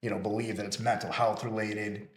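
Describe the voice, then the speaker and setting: A man co-hosting a podcast tells a personal story, candid and swearing freely. His voice sits on the low side. The room around him has a noticeable echo. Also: little pitch movement, brisk, a little hiss or hum. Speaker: podcast co-host. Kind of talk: casual chat.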